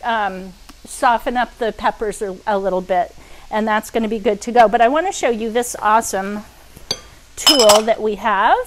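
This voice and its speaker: Wearing a microphone, a woman hosts a cooking demonstration in a fairly high voice, chatting with lots of ums. Pans sizzle and utensils clink throughout the low-quality recording.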